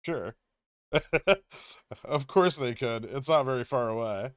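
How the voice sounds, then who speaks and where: A man talks casually to his livestream viewers. He answers their questions in a wry, offhand manner and often thinks out loud, restarting his sentences. His voice sits at an ordinary pitch and is recorded close and dry, with no room echo. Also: measured pace, clear, resonant tone. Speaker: stock trading livestream host.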